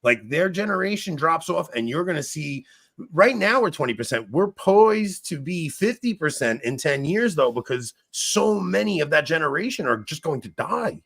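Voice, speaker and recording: A man's voice: fairly high pitch, animated, normal speed, creaky, fairly bright tone. A man hosting a podcast in casual chat, rambling and laughing often. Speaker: podcast host.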